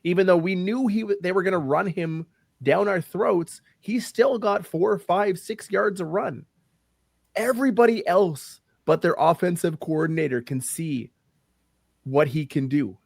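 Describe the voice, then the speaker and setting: A man's voice: high voice, measured pace, vocal fry, no echo, clean studio sound. A man co-hosting a podcast, chatting casually about football. He is opinionated and sometimes searches for words. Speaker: podcast co-host. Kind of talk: casual sports chat.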